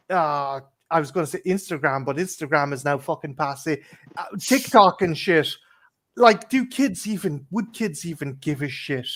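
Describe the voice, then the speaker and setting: A man's voice: a little high, fairly bright tone. Irish guy hosting a chat show, rambles and swears a lot, keeps cracking himself up. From Ireland. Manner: rambling, swears a lot, often laughs mid-sentence. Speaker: co-host. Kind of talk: casual chat.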